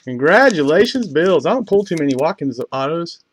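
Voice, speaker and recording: A man hosting a live trading card break, reading off each pull in quick succession, tripping over names now and then. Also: a little high, husky, rough recording. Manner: rapid list-reading, stumbles over names; bursts of excitement on big pulls.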